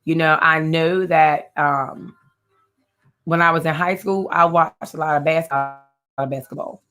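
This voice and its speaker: A woman's voice: low-pitched, steady tone, a little slow, fairly bright tone, soft background music. A woman hosting a faith-based talk show, talking earnestly and directly to her viewers and often repeating her phrases.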